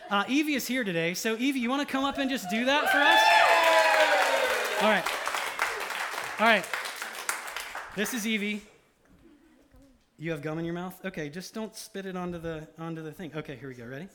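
Pastor, male, slightly raised pitch; conversational sermon with emphatic repeats. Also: expressive, moderate pace, pauses often, over a noisy crowd, very noisy. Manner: emphatic repetition of key lines. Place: church service.

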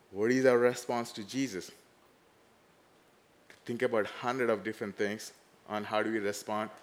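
Preacher man swinging loud to hushed. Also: on the low side. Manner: animated, swings from loud to hushed, acts out quoted voices. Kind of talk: sermon.

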